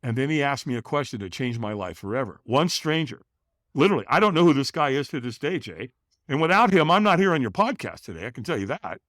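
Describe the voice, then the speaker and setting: A middle-aged man from California, telling a personal story as a podcast guest with animated, dramatic delivery. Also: quick pace, dry recording, studio quality. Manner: animated, acts out other people's lines with bursts of pitch and volume. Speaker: podcast guest, company founder.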